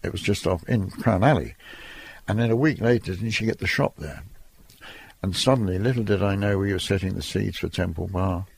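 An older Irish photographer reminisces about his career, chatting and laughing between lines as the interview unfolds. His voice sits low and sounds gravelly and slightly rough, and his delivery is brisk.

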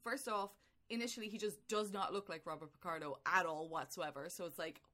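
A woman co-hosting a podcast, chatting casually about a movie, animated and laughing often as she rambles through her story. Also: fairly low pitch, brisk. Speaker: podcast co-host.

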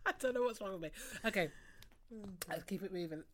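A woman's voice: mid-range voice, expressive, normal speed, long pauses. A young British woman co-hosting a casual chat, teasing and giggling often with slangy banter. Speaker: co-host.

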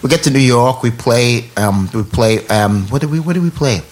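A man's voice: medium pitch, normal speed. A man from England telling a long, rambling story in casual chat, swearing often and acting out other people's lines. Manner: rambling, swearing, restarts, quotes people in animated voices. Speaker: touring musician guest.

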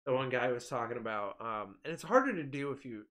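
A man's voice: medium pitch, expressive, brisk, fairly bright tone. A man in casual chat, telling stories animatedly, laughing often and acting out quotes.

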